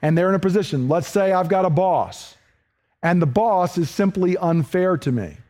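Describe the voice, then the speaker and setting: A man preaching a sermon, earnest and questioning, moving between emphatic points and hushed, slowed lines. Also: high voice, animated. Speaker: pastor.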